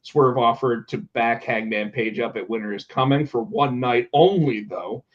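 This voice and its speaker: A man hosting a podcast in casual chat, animated and quick to swear. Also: medium pitch. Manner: animated, swears, acts out quotes. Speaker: podcast host. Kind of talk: casual chat about pro wrestling. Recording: dull lo-fi sound.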